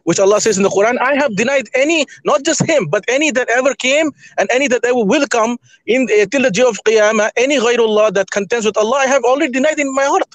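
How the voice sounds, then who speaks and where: High pitched guy on a call-in, keeps restarting his sentences, very dry close sound. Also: dry recording. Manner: halting, restarts and repeats phrases, questioning. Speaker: caller. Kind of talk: heated religious debate.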